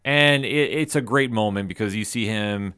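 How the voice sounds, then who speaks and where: A man's voice: fairly low pitch, normal speed, sharp tone, smooth. A man co-hosting a podcast, giving an enthusiastic, explanatory recap in casual chat. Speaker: podcast co-host.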